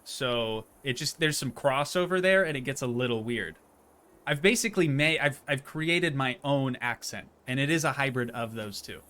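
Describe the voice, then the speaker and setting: A man's voice: medium pitch, moderate pace, bright, forceful tone. A young man chatting casually as he streams a game, rambling and poking fun at himself. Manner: rambling, chatty, self-deprecating. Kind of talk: casual gameplay commentary.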